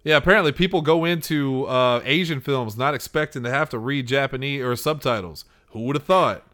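Male podcast host, mid-pitched, loose rambling storyteller with easy profanity. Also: brisk, a bit bright. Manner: rambling storyteller, swears freely. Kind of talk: casual podcast chat.

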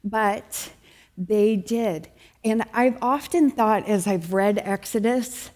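Middle-aged woman giving a sermon, warm dark voice, animated, pops up high when she acts out complaints. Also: takes it slowly. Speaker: church speaker.

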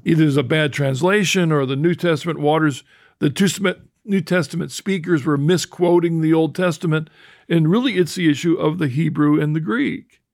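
Man, an older host with a gravelly voice, explaining scripture. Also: a little high, a little mellow, no echo, clean studio sound. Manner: thoughtful, explains with restarts and quotes scripture slowly. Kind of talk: conversational teaching talk.

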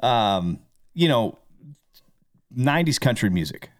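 A man's voice: medium pitch, big pitch swings, slow, no echo, studio quality. A man co-hosting a podcast, a musician talking in a rambling, easygoing way. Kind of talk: casual chat.

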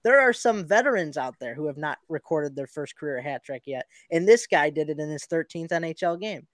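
Halting man on a dry video call. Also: a little high, animated, a bit bright, no echo. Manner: hesitant, halting. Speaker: podcast co-host. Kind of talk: casual sports chat.

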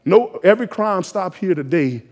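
Male preacher, high voice, fervent exhorting sermon delivery with loud peaks. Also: animated, normal speed. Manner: exhorting, call-and-response rising to shouted emphasis.

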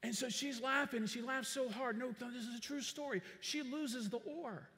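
High, bright-voiced pastor preaching. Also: male voice, normal speed, big-room sound. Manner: energetic storytelling, calls to the congregation. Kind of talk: sermon.

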